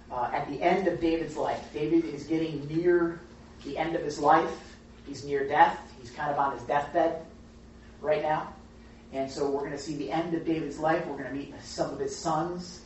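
A Bible study teacher speaks casually and with animation to a group, frequently putting questions to them, his medium-pitched voice backed by slight noise. The room is very echoey, and the distant mic gives a dull sound.

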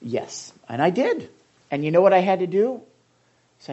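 A man's voice: sits high, sing-song, moderate pace, darkish tone, muffled recording. A male pastor giving a conversational sermon, calling on listeners by name.

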